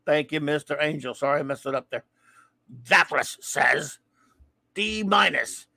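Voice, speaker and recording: A man hosting a casual live-streamed show, reading out listener reviews and greetings, often stumbling and correcting himself with quick laughs. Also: fairly high pitch, expressive, creaky, pushed and bright, no echo.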